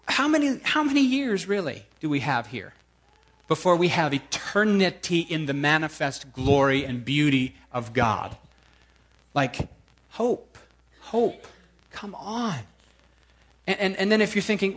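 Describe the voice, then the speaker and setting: A man preaching a sermon in a lively, emphatic way, often repeating words to drive a point home. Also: sits high, measured pace.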